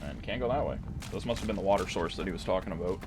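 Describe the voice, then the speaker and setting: A man's voice: deep voice, lively intonation, racing. A young Canadian man giving casual, sweary, joking let's-play commentary. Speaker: gaming video host.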